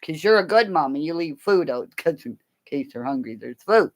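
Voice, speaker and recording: A woman's voice: low voice, expressive, moderate pace. A middle-aged woman hosting a casual livestream, chatty and playful, laughing often. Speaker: livestream host.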